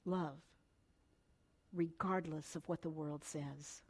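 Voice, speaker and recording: An older woman preaching a sermon, telling a family story with swings between hushed and loud delivery. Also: low voice, steady tone, slow, breathy edge.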